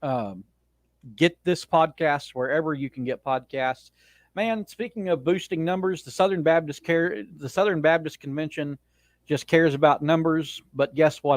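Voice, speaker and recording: A man's voice: on the high side, moderate pace, no room sound. A man hosting his own podcast, ranting in a blunt, opinionated way with frequent restarts. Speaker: podcast host. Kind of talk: casual monologue rant.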